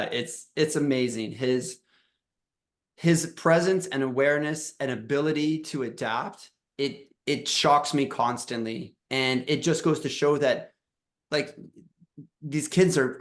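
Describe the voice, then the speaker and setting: Emotional dad telling a halting story. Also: male voice, mid-range voice. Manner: emotional, halting, with many restarts. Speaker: dad coach. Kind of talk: personal storytelling in a podcast chat.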